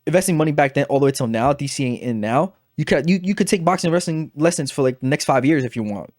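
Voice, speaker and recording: A young man telling a story to camera in a casual, animated, exasperated way, full of filler phrases. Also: on the high side, fast, few pauses, no echo, studio quality. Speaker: investing video creator.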